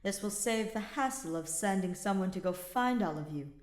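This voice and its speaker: A woman voicing a languid young male scholar who speaks in a dry, unhurried way in a read-aloud story. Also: medium pitch, lively intonation, darkish tone, echoey room, lightly acted.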